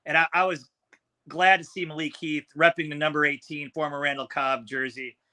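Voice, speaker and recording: A man's voice: a little high, level tone, normal speed, pushed and bright. A man co-hosting a sports podcast, giving blunt, opinionated takes on a football game. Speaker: podcast co-host. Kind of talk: sports talk analysis.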